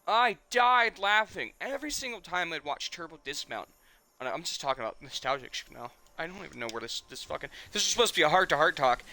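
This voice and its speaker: A man's voice: a little high, bright, forceful tone. A man in his twenties, a streamer, chatting casually and emotionally in a rambling way and swearing often. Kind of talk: casual nostalgic chat.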